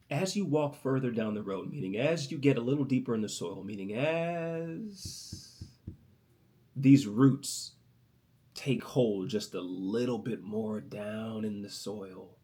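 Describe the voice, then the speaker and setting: A man hosting a motivational podcast, talking in an inspirational, sermon-like way that swings from loud, rising preaching to soft, hushed storytelling. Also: on the low side.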